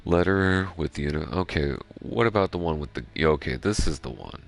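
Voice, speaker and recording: Very deep, gravelly man chatting. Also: animated, fairly quick. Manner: rambling, swears freely, self-reflective. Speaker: gaming streamer. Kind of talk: casual chat while playing.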